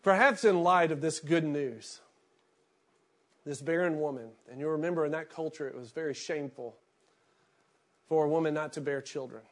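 A middle-aged man, a pastor, reading scripture aloud and then preaching in a relaxed, storytelling way. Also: a little high, normal speed, pauses often.

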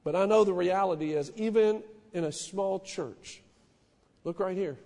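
A man preaching a sermon in a small church, impassioned, swinging from hushed to loud. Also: sits high, unhurried, long reverb tail. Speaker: pastor.

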